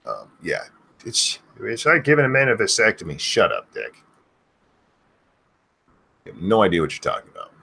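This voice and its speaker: A man's voice: lowish voice, wildly swooping pitch, moderate pace, vocal fry, pauses often, pushed and bright, slightly rough. A man from the United States, co-hosting a casual talk show, blunt and opinionated. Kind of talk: casual podcast chat.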